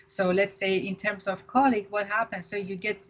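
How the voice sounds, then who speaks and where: A woman's voice: mid-range voice, steady tone, brisk. Woman counselor explaining on radio. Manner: explanatory, peppered with "you know" and "right?". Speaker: co-host, counselor. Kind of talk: radio talk show discussion. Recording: dull lo-fi radio audio with faint hiss.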